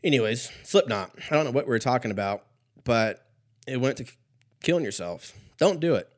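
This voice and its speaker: A man's voice: mid-range voice, animated, fairly quick. A man in his thirties, a little stoned, hosting a show in a meandering, profane comedic monologue that drifts from topic to topic. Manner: profane, meandering, laughs at own jokes. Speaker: podcast host.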